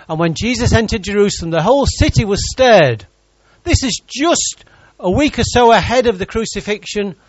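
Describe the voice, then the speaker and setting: A man's voice: sits high, dry recording, highs cut off. A man preaching a sermon in church, reading scripture and joking with the congregation.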